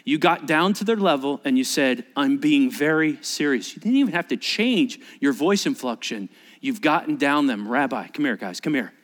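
Pastor, male, lively slightly high voice, acts out scenes mid-sermon; long hall reverb. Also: normal speed. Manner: animated, acts out scenes, restarts words.

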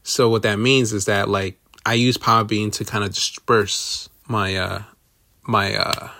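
Profane low-voiced man riffing alone. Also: little pitch movement, a little slow, vocal fry, pushed and bright, no echo, clean studio sound. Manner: profane, rambling, self-deprecating. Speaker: podcast host. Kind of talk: casual solo podcast rambling.

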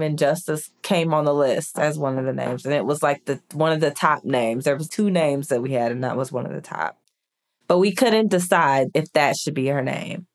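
A woman with a notably low voice speaks as a podcast guest. She tells personal stories in a relaxed, chatty way, and "like" fills her pauses often. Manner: chatty, frequent "like" fillers. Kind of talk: casual conversational storytelling.

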